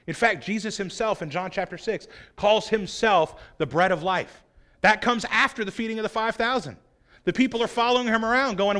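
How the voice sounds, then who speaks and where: A man's voice: sits high, normal speed, pushed and bright. A man preaching a sermon in an earnest way, pressing his points with rising emphasis. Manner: earnest, acts out quoted voices, rising emphasis.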